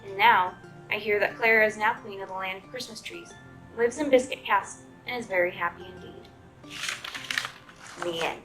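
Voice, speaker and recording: A woman librarian reading a children's story aloud in a clear, expressive storytelling manner. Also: medium pitch, normal speed, long pauses, soft background music, low-quality recording.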